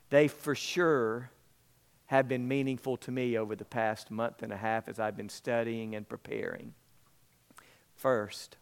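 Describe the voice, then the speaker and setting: A man's voice: mid-range voice, smooth. A man preaching a sermon as pastor, emphatic and repetitive, acting out the people in the story.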